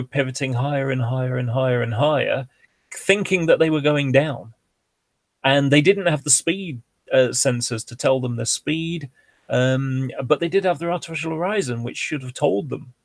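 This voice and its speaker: Gravelly guy rambling on about planes, casual stream chat, dry close sound. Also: medium pitch, normal speed, no room sound. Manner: rambling, chatty explainer. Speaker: guest explaining airliners.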